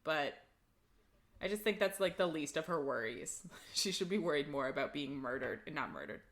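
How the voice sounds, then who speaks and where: Woman podcast co-host, casual book recap, slightly low voice, filler-heavy and blunt. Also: animated, moderate pace, a bit bright. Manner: chatty recap with lots of "like" and swearing. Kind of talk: casual book-club chat.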